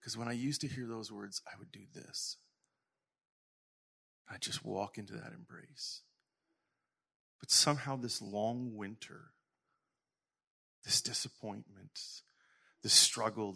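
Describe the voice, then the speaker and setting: A middle-aged male pastor preaching a sermon earnestly to his congregation, sometimes falling to a soft whisper. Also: on the low side, takes it slowly, gravelly, long pauses, breathy edge. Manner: earnest, drops to soft whispers when quoting God.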